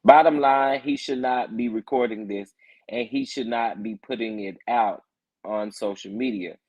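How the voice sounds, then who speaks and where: A man hosting a casual morning chat, reacting to viewer comments and getting emphatic and loud when worked up. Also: fairly low pitch, unhurried, lo-fi sound. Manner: animated, emphatic, rising to loud protest when fired up. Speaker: reality TV commentary host.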